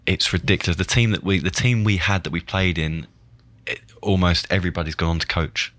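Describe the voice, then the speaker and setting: A man's voice: sits low, fairly even intonation, a little fast, a bit bright, dry recording. A man, a former footballer, talking about his playing days in casual conversation. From England. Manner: reflective, chatty with restarts. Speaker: podcast co-host, former footballer and coach.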